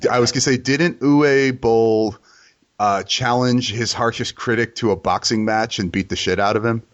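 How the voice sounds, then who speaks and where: A man's voice: medium pitch, fairly even intonation, normal speed. A man hosting a casual interview, joking, teasing and crude. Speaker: podcast host. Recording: dull lo-fi sound.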